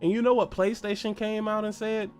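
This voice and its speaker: A man with a fairly high voice rants through a solo gaming podcast. He is heated, profane and mocking, and keeps hammering at rhetorical questions. Faint music plays softly underneath. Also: little pitch movement, a little fast, smooth. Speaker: podcast host.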